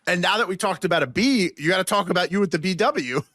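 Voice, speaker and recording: A man from New York co-hosting a comedy podcast, talking in an animated way and stammering over his words. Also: high-pitched, quick pace, no echo. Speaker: podcast co-host. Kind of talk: casual comedy podcast chat.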